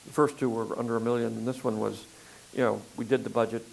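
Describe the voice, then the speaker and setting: An older man filmmaker in a relaxed interview conversation, talking in a rambling way with frequent fillers and restarts. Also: medium pitch, quick pace, vocal fry, slight background noise, rough recording. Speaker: filmmaker guest.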